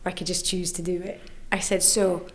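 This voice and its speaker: A middle-aged woman, an author and coach, telling stories in an interview with lively, acted-out quoted voices. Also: a little fast, gravelly. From United Kingdom. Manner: animated, acts out quoted voices with big pitch jumps.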